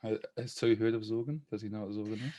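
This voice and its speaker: A man's voice: lowish voice, quick pace, mellow. A man playing in a tabletop game, chatty and easy, laughing often. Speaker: player. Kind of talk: casual tabletop play.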